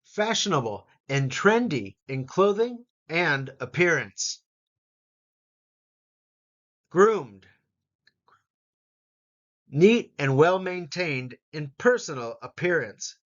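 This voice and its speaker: Slow, bright-voiced male English teacher. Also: on the high side, big pitch swings, muffled recording. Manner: models each word with clear stress, repeats for learners. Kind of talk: slow, deliberate pronunciation lesson.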